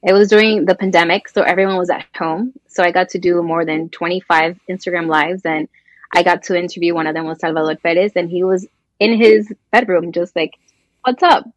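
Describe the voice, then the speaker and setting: Woman from colombia, guest journalist, animated storyteller, lo-fi dull recording, dry sound. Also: lowish voice, no echo. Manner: animated storyteller, acts out quoted voices. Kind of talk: casual interview chat.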